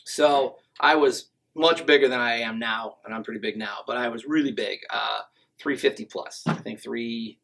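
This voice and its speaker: A man's voice: mid-range voice, moderate pace, creaky, poor audio. A man guest on a podcast, telling stories in a casual, joking, self-mocking way. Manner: joking, self-mocking, deadpan tall tales. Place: podcast studio.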